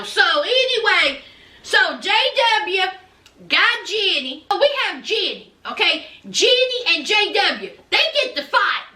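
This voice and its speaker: Casting: sassy, chatty TV recapper, high, bright voice, roomy echo. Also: female voice, big pitch swings, slow pace, far from the mic. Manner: chatty, sassy, calls viewers child and honey. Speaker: TV recap vlogger. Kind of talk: animated casual recap.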